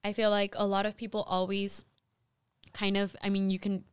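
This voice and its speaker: A woman's voice: mid-range voice, monotone, normal speed, clear, resonant tone, no echo. Young woman co-hosting a chat podcast, talkative, laughs easily, dry close sound. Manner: chatty, laughs often, says "like" a lot. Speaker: podcast co-host, mother. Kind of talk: casual chat.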